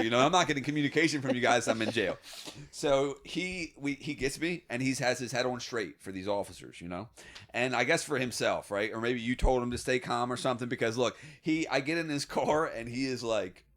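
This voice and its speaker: A man hosting a podcast, telling wild stories from his youth in a casual, swearing, animated way. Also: medium pitch. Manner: profane, animated anecdote-telling with laughs. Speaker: podcast host. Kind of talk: casual storytelling.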